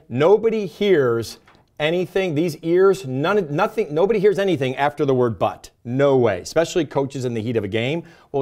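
A man's voice: on the high side, darkish tone. A middle-aged man coaching a sales team on handling objections, talking energetically and acting out customer and rep lines. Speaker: sales trainer.

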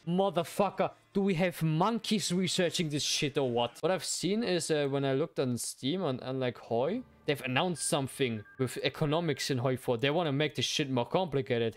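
Excitable, cursing young gaming streamer. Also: male voice, fairly high pitch. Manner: excitable, profane, jumps between outbursts. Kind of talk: casual gameplay commentary.

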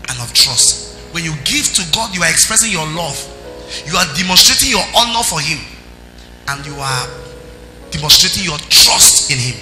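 A man preaching a sermon as pastor, emphatic, with sing-song rises and sudden soft drops. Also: fairly high pitch. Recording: echoey hall with music underneath.

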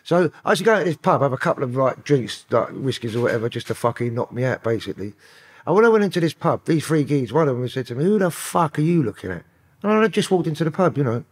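London man, podcast guest, husky and coarse-spoken, sweary storyteller. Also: medium pitch, big pitch swings, quick pace. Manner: profane, rambling street talk. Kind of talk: casual storytelling interview.

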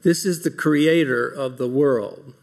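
Speaking slowly at medium pitch, a man delivers opening remarks to a large crowd in an earnest devotional talk. Rhetorical questions mix with scripture passages he reads aloud.

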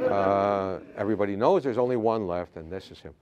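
Older male professor with a lowish voice; lectures haltingly, full of uh's. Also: lively intonation, a little mellow, highs cut off. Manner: halting, frequent uh fillers. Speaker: history professor. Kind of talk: lecture with anecdotes. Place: classroom.

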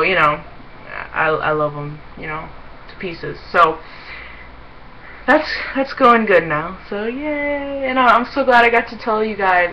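A young woman talks casually to camera in a rambling vlog, her voice bright and light, and her chatter often slips into little giggles. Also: on the low side, lo-fi sound, a little hiss or hum. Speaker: vlogger.

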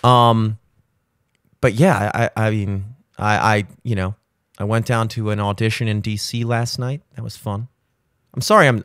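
A young man hosting a solo podcast, telling a rambling, animated story with voiced asides. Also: lowish voice, normal speed, dry recording, studio quality. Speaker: podcast host. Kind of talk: solo casual chat. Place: home studio.

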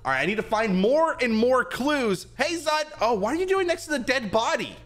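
A young man giving animated, goofy commentary while he plays a video game. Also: very high-pitched, normal speed, soft background music. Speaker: gaming video host. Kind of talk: excited gameplay commentary.

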